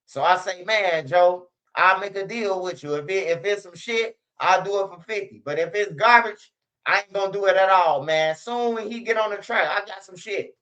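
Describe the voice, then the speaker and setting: A man's voice: high-pitched, moderate pace, a bit bright, rough recording. A man giving blunt, slangy commentary and mocking others with sing-song impressions. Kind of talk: ranting commentary.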